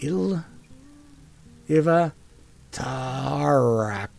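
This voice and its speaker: A man's voice: mid-range voice, lively intonation, very slow, gravelly, darkish tone, soft background music, pitched above the performer's own voice, full character voice. A man voicing a curious young elf woman learning to pronounce orc runes. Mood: eager.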